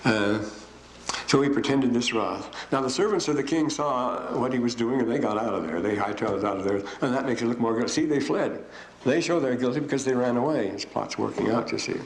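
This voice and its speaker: Gravelly older man lecturing, echoey room. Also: medium pitch. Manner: rambling and digressive, with frequent pauses. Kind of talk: classroom lecture. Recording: echoey room, faint hiss.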